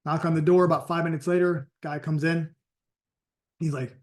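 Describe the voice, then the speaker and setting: A man with a fairly high voice delivers a motivational training talk on sales. He tells stories in a lively, emphatic, conversational manner, like a coach talking straight to his group. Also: normal speed. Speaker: sales and network marketing coach.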